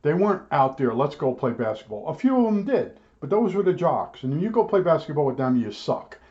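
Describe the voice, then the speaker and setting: A man's voice: a little high, sing-song, brisk, dark tone, dull audio. An older man, a repairman vlogger, tells rambling stories in a blunt, grumbling rant, restarting his sentences and repeating himself.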